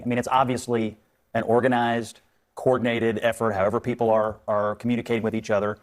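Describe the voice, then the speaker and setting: A man on a televised panel debate, arguing forcefully and talking over others. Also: lowish voice. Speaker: panel commentator.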